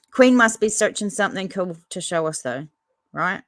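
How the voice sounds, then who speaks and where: A woman's voice: medium pitch, no echo. A woman hosting a casual livestream, reading out viewer comments and chatting back to them. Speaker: livestream host reading chat.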